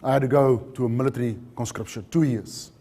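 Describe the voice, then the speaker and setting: A man's voice: mid-range voice, fairly even intonation, fast talker, warm tone. A man giving a storytelling keynote talk on safety, acting out dialogue with animation. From South Africa.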